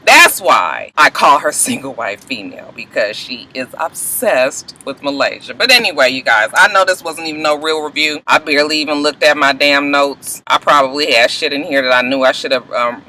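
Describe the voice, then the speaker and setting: A woman rants through a reality-show recap with a casual, profane edge. Her voice is very bright and sharp. She keeps the talk animated, dropping into mocking voices of the cast. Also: sits low, normal speed, hardly any pauses, poor audio. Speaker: YouTube reality-show reviewer. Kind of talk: casual vlog review.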